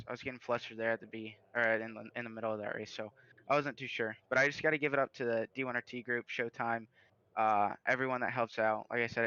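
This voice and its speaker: A man interviewed after finishing second in a race, speaking hesitantly with many pauses and fillers. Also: on the low side, pushed and bright, clean tone, no echo, dull audio. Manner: hesitant, lots of fillers, modest. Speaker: sim racing driver, second place.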